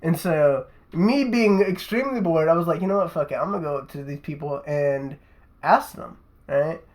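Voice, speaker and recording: A man's voice: a little high, normal speed, darkish tone, rough recording. A young man, a podcast host, telling a rambling, profane story in casual chat and tacking "right?" onto his sentences.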